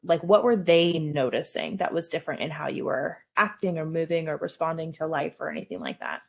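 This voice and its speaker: A woman's voice: sits low, fairly quick, gravelly. A woman hosting a podcast asks a guest eager, searching questions, filling gaps with many likes. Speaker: podcast host. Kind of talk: conversational interview questions.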